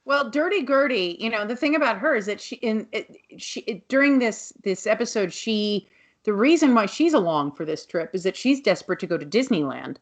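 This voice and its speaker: A woman's voice: medium pitch, lively intonation, a little fast. A woman co-hosting a podcast, casually and rambly recapping a TV episode with many restarts. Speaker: podcast co-host.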